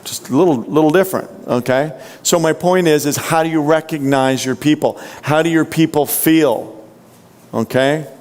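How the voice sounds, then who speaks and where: A man's voice: on the high side, moderate pace, darkish tone. A man giving a motivational sales training talk, punchy and full of rhetorical questions to the audience. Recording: long hall reverb.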